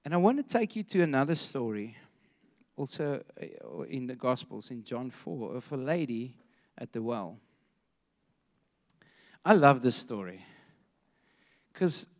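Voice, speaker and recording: A man preaching a sermon to a church congregation, retelling a story with animated energy and frequent restarts. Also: medium pitch.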